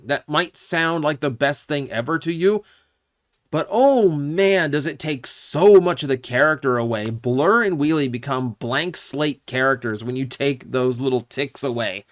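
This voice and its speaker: A man's voice: medium pitch, a bit bright, no room sound, studio quality. A man hosting his own channel, giving casual, opinionated commentary with lots of asides and fillers. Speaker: YouTube channel host.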